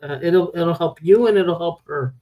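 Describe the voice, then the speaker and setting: A woman's voice: on the low side, normal speed, dull audio. A woman co-hosting a casual tarot chat who rambles, jokes and laughs a lot. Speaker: tarot reader co-host.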